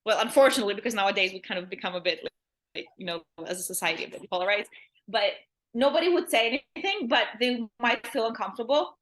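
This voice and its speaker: Bright, chatty woman full of "like". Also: fairly high pitch, quick pace. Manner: rambling, frequent "like", laughs often. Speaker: language teacher, podcast guest. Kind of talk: casual interview chat.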